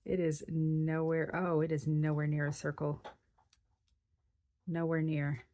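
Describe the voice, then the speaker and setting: A woman's voice: low voice, little pitch movement, a little slow, warm tone. Chatty woman crafter thinking aloud. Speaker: crafting channel host. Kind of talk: casual craft tutorial.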